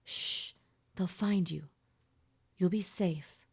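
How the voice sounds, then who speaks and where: A woman's voice: fairly low pitch, unhurried, darkish tone. A woman narrator voicing a protective mother and doctor, torn between fury and tearful apology. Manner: tearful, pleading and fiercely angry.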